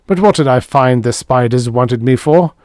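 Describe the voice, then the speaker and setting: A man with a low voice voicing a bitter First World War soldier who rants hoarsely and loudly in an audiobook. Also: expressive, moderate pace, no room sound, clean studio sound. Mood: ranting. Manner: hoarse, loud ranting that keeps rising. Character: raving shell-shocked WWI soldier, bitter and wild.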